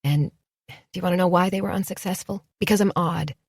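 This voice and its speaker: A woman's voice: on the low side, fairly even intonation, fairly quick, a little mellow, slightly rough, dry recording, clean studio sound, pitched above the performer's own voice. A woman narrator voicing a guarded, reclusive young woman painter in an audiobook, with a defensive, earnest, slightly anxious manner. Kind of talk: audiobook dialogue.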